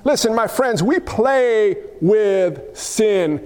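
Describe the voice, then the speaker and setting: A man preaching a sermon as pastor, animated and jokey, acting out quotes from his congregation and from God. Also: sits high, very slow. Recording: long hall reverb.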